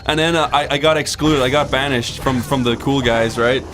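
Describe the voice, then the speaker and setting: Deadpan man telling a story. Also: medium pitch, normal speed, very noisy. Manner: deadpan storyteller, acts out quoted voices. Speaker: let's play co-host. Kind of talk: casual storytelling while gaming.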